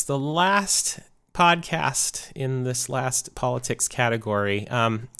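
A man's voice: medium pitch, a bit bright, clear, resonant tone. A man casually reviewing podcasts, rambling a little with many fillers and light laughs. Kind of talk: casual chat.

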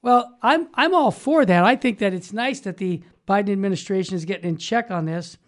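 On a casual conservative Christian talk show, the host talks fairly quickly in a middling pitch, upbeat and emphatic. The host keeps affirming the co-host while moving from one news item to the next.

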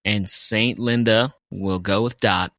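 A man's voice: lowish voice, steady tone, slow, bright, forceful tone, no echo. A man with a Midwestern accent co-hosting a podcast, chatting casually and enthusiastically. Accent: Midwestern American. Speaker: podcast co-host. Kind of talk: casual chat.

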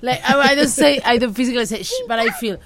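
A woman's voice: on the high side, fast talker, a crowd in the background. A woman from Spain, a podcast guest, talking frankly and animatedly in casual conversation.

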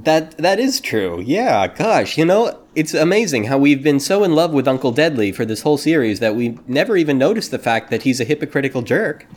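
A man's voice: a little high, brisk, hardly any pauses. Playful man hosting a podcast. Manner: playful, jokey, animated. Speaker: podcast host. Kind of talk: casual podcast discussion.

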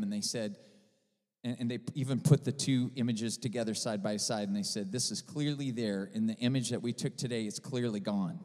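A male pastor preaching a sermon, impassioned at times and quiet and storytelling at others. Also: mid-range voice. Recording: long hall reverb.

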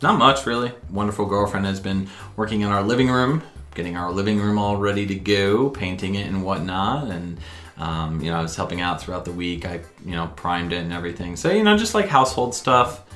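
Laid-back low-voiced man, echoey. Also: brisk, a bit bright. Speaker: podcast co-host. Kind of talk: casual chat. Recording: roomy echo, faint music.

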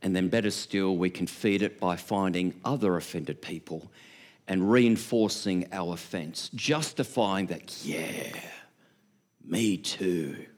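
Animated preacher man. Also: deep voice, measured pace. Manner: animated storyteller, acts out quotes, laughs often. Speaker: pastor. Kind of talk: sermon.

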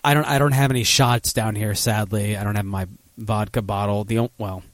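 The host's voice is lowish and steady, moving a little fast with no room sound. He rambles through casual talk-radio banter, swearing freely and laughing at his own jokes.

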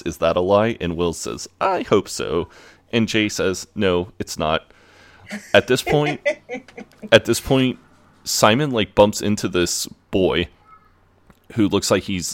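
A man's voice: deep voice, no room sound. A man co-hosting a podcast, recapping an episode in an easygoing, eager way. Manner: easygoing, eager, fond of the show. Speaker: podcast co-host.

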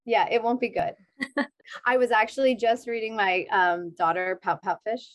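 Woman, 30s, slightly high voice, chatty guest storyteller who laughs a lot. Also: moderate pace, no room sound. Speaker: podcast guest. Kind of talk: casual chat.

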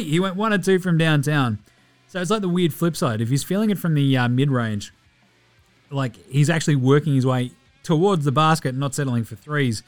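A man with an Australian accent hosting a casual basketball recap podcast, sweary and excitable, mocking players in silly voices. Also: medium pitch, fairly quick, faint music behind. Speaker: podcast host.

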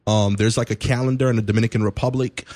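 A man's voice: medium pitch, steady tone, fast talker, darkish tone, no room sound. A man as a podcast guest, laid-back in casual chat.

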